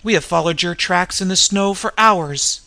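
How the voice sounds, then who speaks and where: A man reading aloud, voicing a gruff bearded northern warrior who grunts his words. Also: sits high, normal speed, bright, forceful tone, no room sound, exaggerated voice. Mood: urgent. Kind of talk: audiobook reading.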